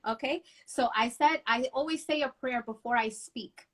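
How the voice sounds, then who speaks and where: A middle-aged woman from New Jersey, a guest telling animated stories in a casual interview and mixing in Spanish phrases. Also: high-pitched, normal speed. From Union City, New Jersey.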